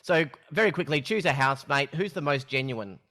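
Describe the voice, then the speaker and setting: A man's voice: fairly high pitch, animated, brisk, sharp tone. A man hosting an interview who stumbles and repeats words as he asks his questions. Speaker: interview host.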